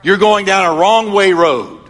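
A male pastor delivers a sermon in a church sanctuary with a strong preaching cadence, emphatic and repetitive. His voice is high-pitched and fairly bright, his pace measured, and the large hall gives a long reverb.

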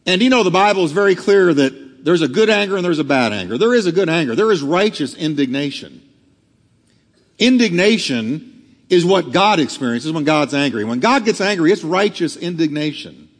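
Animated male preacher in a reverberant church. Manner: emphatic preaching with sweeping pitch swings and dramatic slowdowns. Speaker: pastor. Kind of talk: sermon. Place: church sanctuary.

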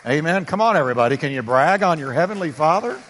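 An older male pastor preaching in a church sanctuary, his fairly high voice carrying through a long, echoing hall. He swings from loud, emphatic exclamations to soft, close asides as he preaches. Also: animated, quick pace, a little hiss or hum. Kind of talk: sermon.

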